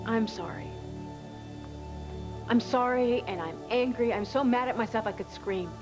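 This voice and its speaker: An actress playing a hurt, resentful younger sister in a soap opera, bitter and accusing. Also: female voice, fairly high pitch, measured pace, music in the background, lightly acted, low-quality recording.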